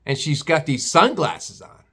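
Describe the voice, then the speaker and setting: A man's voice: a little high, measured pace, husky. An older man, a retired butcher, telling a story bluntly with plenty of swearing in a casual vlog. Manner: blunt, profane, animated storytelling.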